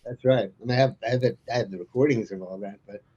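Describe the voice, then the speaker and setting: A man's voice: medium pitch, rapid-fire, mellow, breathy edge, dull audio. A man as an interview guest, chatting casually and rambling through anecdotes with frequent chuckles. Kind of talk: casual conversation.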